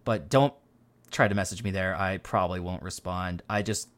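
A man's voice: sits low, steady tone, moderate pace. A man hosting a podcast, talking in a rambling, casual way, with lots of fillers and offhand swearing. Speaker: podcast host. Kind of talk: casual chat.

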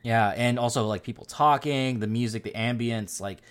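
A man's voice: medium pitch, normal speed, clean tone. A man hosting a podcast, talking in a rambling, casual way, with lots of fillers and offhand swearing. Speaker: podcast host. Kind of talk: casual chat.

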